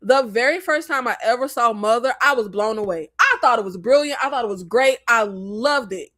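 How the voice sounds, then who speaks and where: A woman raised in the American South hosts a relaxed movie livestream, with a bright, high-set voice. She rambles through her opinions, laughs often, and keeps breaking off to apologize. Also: a little fast. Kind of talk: casual livestream chat.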